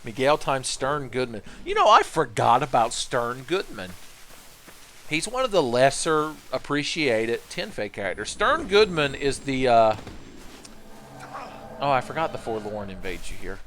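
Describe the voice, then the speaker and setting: Brief: young male streamer, lively swooping delivery, crude running jokes. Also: mid-range voice, a little slow, a little hiss or hum. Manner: rambling, profane and joking. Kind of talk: casual gameplay commentary.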